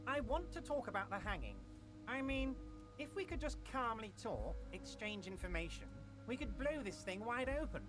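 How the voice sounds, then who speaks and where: A man's voice: very high-pitched, expressive, normal speed, music in the background, pitched above the performer's own voice. A man voicing a scheming middle-aged union boss who sounds falsely friendly and slips in veiled threats, reading game dialogue on a stream. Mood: oily persuasive.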